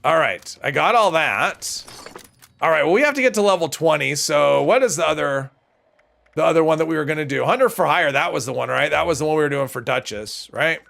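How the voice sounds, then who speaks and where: A man's voice: a little high, lively intonation, brisk, gravelly, a bit bright. A man streaming a video game, rambling and thinking aloud in casual commentary, with a stuffy nose. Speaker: gaming streamer.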